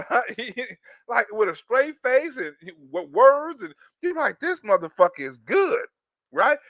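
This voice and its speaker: A man giving loud, profane reaction commentary, laughing and mimicking a politician as he talks. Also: very high voice, measured pace, no echo, highs cut off. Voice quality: animated, profane, laughing while talking. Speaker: commentary YouTuber.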